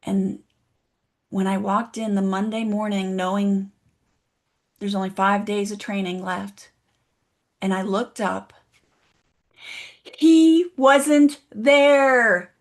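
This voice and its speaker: A woman's voice: mid-range voice, flat delivery, a little slow, long pauses. A woman giving a motivational keynote speech, telling a story and asking the audience direct questions. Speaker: motivational speaker. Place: online event, audience in chat.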